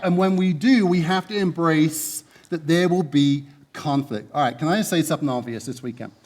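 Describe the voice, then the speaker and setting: Animated pastor with a higher voice. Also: male voice, slight background noise. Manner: animated storytelling, acts out quoted lines. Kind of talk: sermon. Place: church stage.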